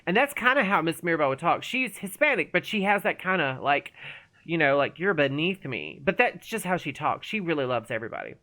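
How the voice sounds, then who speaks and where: A woman's voice: on the low side, very animated, fast talker, hardly any pauses, bright, forceful tone. A woman streaming a game and chatting casually, rambling playfully and talking to the characters. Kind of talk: casual live-stream commentary.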